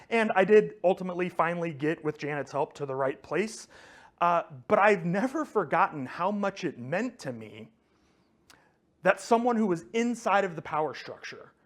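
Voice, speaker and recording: A man's voice: a little high, lively intonation, normal speed. A man giving a conversational faith teaching, telling a story with frequent fillers and restarts.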